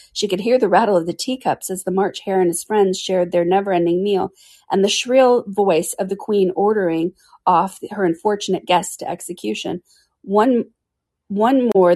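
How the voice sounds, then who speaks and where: A woman narrating a classic storybook in a steady, measured way for a podcast. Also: on the low side. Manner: steady, measured reading aloud. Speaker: reader.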